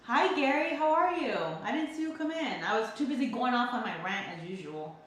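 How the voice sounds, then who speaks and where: A woman's voice: fairly high pitch, fairly quick, a bit bright. A young woman from California hosting a casual livestream, reading chat comments and ranting freely with some swearing. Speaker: livestream host. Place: home kitchen. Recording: very echoey room.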